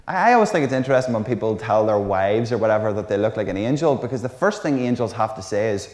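A man preaching a sermon in a lively, chatty way, with joking asides. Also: on the low side, fast talker, few pauses. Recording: roomy hall reverb.

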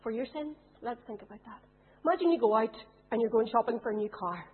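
A woman's voice: a little high, animated, quick pace, slightly rough. A woman preaching a sermon, putting questions to her congregation. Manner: asks the congregation rhetorical questions. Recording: tinny phone-like sound.

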